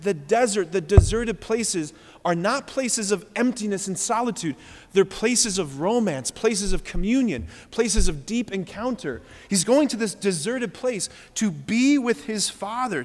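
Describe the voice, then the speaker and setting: A man's voice: sits high, in a large hall. A man preaching a homily as a Catholic priest, earnest and emphatic, repeating phrases for stress. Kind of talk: sermon. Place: large church with long reverb.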